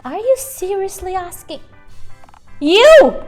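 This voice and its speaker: A woman's voice: very high-pitched, big pitch swings, slow, a little mellow, pitched above the performer's own voice, full character voice. A woman voicing a grumpy, weary male shepherd in a game, sarcastic and exasperated, with faint music behind. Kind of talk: voicing game dialogue on stream.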